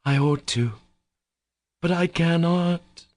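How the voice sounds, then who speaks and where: A man putting on a defiant young woman with a raised, husky voice that climbs high and trembles as she stammers through her refusals. An audiobook reading with a gravelly edge under her voice, recorded close and dry. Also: expressive, normal speed, a little mellow, no room sound, exaggerated voice. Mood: anguished. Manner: faltering, stammering. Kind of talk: audiobook character voice.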